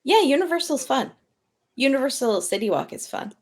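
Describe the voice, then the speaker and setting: A woman's voice: sits high, very animated, moderate pace. A woman guest on a podcast, chatting casually and dropping teasing quips. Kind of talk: casual chat.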